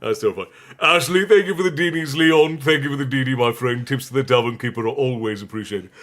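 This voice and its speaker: A man's voice: medium pitch, quick pace, a bit bright. A man hosting a casual livestream who laughs often and reads out viewer messages. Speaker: livestream host.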